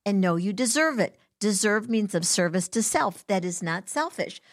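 A woman's voice: medium pitch, lively intonation, moderate pace. A woman guest teacher in a casual interview, talking in a playful, emphatic way and coining cutesy words.

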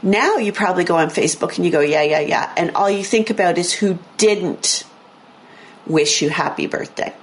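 Chatty woman radio host, slightly hoarse. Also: lowish voice, normal speed. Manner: chatty, self-correcting, explains science in plain words. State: slightly hoarse, losing her voice. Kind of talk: casual talk radio chat. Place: radio studio.

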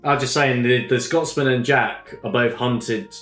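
A man co-hosting a podcast in casual chat, jokey and quick to chime in. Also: medium pitch, a bit bright, reverberant, faint music behind. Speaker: podcast co-host.

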